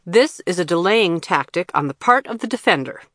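A storybook narrator voicing a hostile woman accuser who speaks harshly and forcefully. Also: mid-range voice, slow, dry recording, clean studio sound. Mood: furious.

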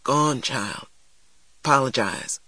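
A man's voice: a little high, big pitch swings, measured pace, no room sound. A man reading an audiobook, voicing an elderly grandmother who is fearful but firm and speaks in a pleading, insistent way.

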